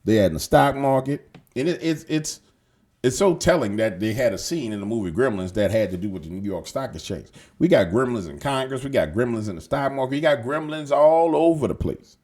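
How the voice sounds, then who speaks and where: A man's voice: mid-range voice, lively intonation, brisk, darkish tone. A man hosting casual news commentary, slangy and emphatic, swearing and repeating himself as he rambles. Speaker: show host.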